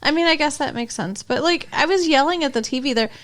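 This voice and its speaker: A woman's voice: sits high, quick pace, a bit bright. A woman co-hosting a podcast in casual chat about a TV show, teasing, laughing and giving strong opinions. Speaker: podcast co-host.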